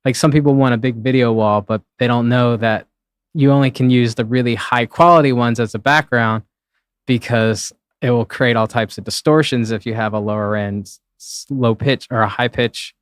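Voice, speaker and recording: A man's voice: medium pitch, fairly even intonation, normal speed, clean tone, dry recording, studio quality. A man working as a live event streaming producer, answering interview questions in a rambling, casual way, with plenty of fillers and acted-out quotes.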